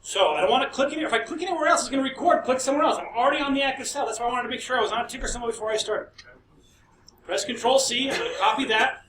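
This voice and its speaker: Chatty professor in an echoey classroom. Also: male voice, extremely high pitch, very fast, a bit bright. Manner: chatty, storytelling asides. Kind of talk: classroom lecture. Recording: echoey classroom, distant mic, faint noise.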